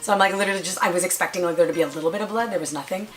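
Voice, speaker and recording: A young woman vlogger telling a story to the camera in a casual, animated way, full of fillers and acted-out quotes. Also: lowish voice, racing, low-quality recording.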